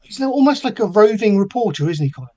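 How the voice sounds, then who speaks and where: Male host, casual and chatty, lively ups and downs in pitch. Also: dull audio. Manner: chatty and encouraging, quick reactions. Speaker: podcast host. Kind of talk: casual chat.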